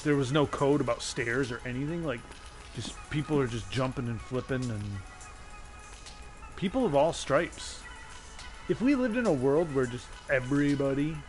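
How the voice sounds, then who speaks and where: A man streaming a game from his desk at home, rambling playfully and laughing often. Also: medium pitch. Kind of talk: casual let's-play commentary. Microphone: desk mic on a stand.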